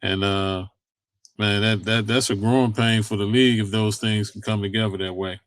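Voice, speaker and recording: A man with a low, fairly flat voice talks football in a loose, rambling way, full of ums and uhs and everyday slang. The sound is dry and close, with no room around it. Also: normal speed, no echo. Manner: loose and conversational, many fillers, Southern US vernacular. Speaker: sports podcast host. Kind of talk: casual sports talk.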